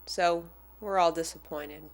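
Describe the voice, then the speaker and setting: A woman casually telling a personal anecdote as a fan, animated and acting out the people she quotes. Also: on the low side, a little slow, gravelly. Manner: animated, acts out the voices of the people in her story.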